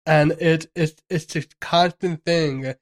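A man's voice: fairly high pitch, steady tone, slow pace. Rambling man chatting about a film. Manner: rambling, many restarts and fillers. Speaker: podcast co-host. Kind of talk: casual film discussion.

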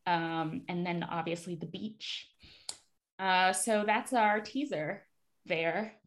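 A woman with a fairly low voice co-hosts a casual podcast. She recaps an episode in a relaxed way, with plenty of fillers. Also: slow, slight background noise. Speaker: podcast co-host.

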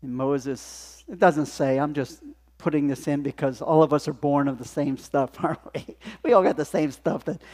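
A male pastor preaching a sermon in a conversational, animated storytelling manner. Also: on the high side, moderate pace, long reverb tail. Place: church sanctuary.

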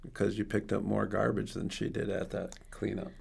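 A man's voice: on the low side, monotone, normal speed, vocal fry, crowd noise. A male host with an encouraging manner who prompts his guests with affirming murmurs. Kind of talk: interview chat.

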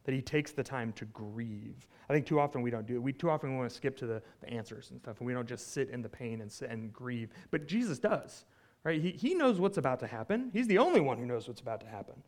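A man preaching a conversational sermon, retelling a scripture story with animated asides and frequent "right?" check-ins. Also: mid-range voice, fast. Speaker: pastor.

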